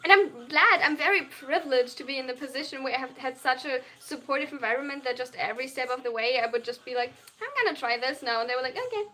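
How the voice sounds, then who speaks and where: A high-pitched young woman with a German accent runs a live stream Q&A. Her voice is bright and ringing. She reads viewers' questions aloud and answers each one frankly, speaking English although German is her first language. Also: fast, hardly any pauses.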